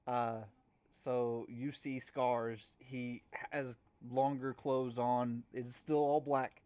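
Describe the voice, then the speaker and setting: Halting man narrating as game master. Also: mid-range voice, little pitch movement, dark tone, clean tone. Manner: halting, with many fillers and restarts.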